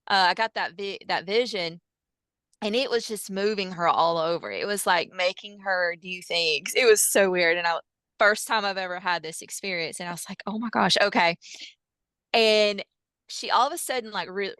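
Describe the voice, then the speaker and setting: A woman, a hypnosis practitioner telling session stories in a lively way, with many fillers and quoted dialogue. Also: on the low side, dry recording. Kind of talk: animated storytelling in casual chat.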